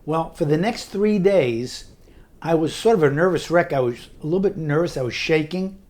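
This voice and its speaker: An older man tells a story from his own life in a slightly high voice. He speaks earnestly and conversationally, stumbling over a word now and then before carrying on. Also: expressive, normal speed, darkish tone. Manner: earnest, conversational, with frequent small restarts. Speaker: memoir narrator. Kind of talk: personal storytelling narration.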